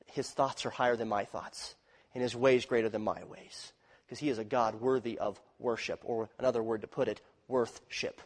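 A man preaching a sermon as pastor, dropping to hushed low phrases and then rising to loud, emphatic points. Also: steady tone, normal speed, long reverb tail.

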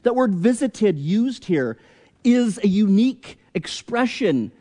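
A man preaching a sermon in a higher-than-usual voice that rises and falls expressively. He takes his time, pressing each point with rhetorical questions, and his words ring with the long reverb of a large church hall. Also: sing-song, slow pace, warm tone. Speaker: pastor.

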